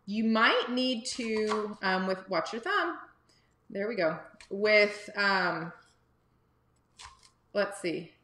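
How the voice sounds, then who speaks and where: A woman's voice: medium pitch, animated, extremely slow, pauses often, pushed and bright, echoey room, slight background noise. A woman hosting a live cooking lesson for kids from a home kitchen, chatty and encouraging as she talks to viewers. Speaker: cooking teacher and livestream host. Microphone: phone or camera on livestream.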